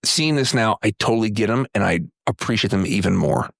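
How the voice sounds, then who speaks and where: A man co-hosting a casual movie review chat, rambling, swearing and telling animated stories. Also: on the low side, brisk, vocal fry, dry recording, studio quality. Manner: rambling, profane, animated storytelling. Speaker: podcast co-host.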